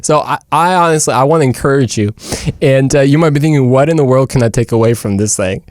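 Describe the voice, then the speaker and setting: A man's voice: medium pitch, fast talker, dry recording, clean studio sound. An American man hosting a casual, jokey motivational talk in a playful voice. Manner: playful, jokey, uses silly voices and whispers. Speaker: host.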